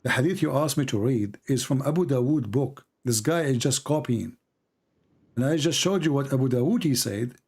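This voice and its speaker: Male debate host on a live stream, mid-pitched, combative, hammers questions and reads quotes deliberately. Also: a little mellow, slightly rough. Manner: argumentative, presses with repeated questions.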